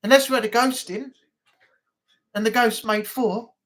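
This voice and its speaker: A woman's voice: a little high, steady tone, normal speed, fairly bright tone. A woman hosting a casual weekly live chat, rambling and chatty with lots of ums. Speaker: live stream host.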